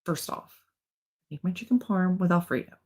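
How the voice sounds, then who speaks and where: A woman's voice: on the low side, moderate pace, a little mellow, slightly rough. A young woman hosting a livestream, chatting casually and joking as she rambles. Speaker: livestream host, author. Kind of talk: casual chat.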